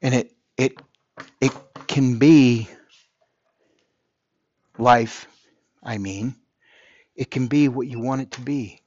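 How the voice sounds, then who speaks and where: A man's voice: mid-range voice, fairly even intonation, takes it slowly, long pauses, darkish tone, dull audio, slight background noise. A man hosting a podcast, delivering an earnest motivational monologue and repeating phrases for emphasis. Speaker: podcast host.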